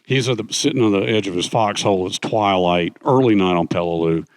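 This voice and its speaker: An older guest author holds forth in a fireside chat on a conference stage, spinning long, meandering stories packed with fillers and restarts. He speaks fairly quickly in a lowish voice, captured in a dry recording.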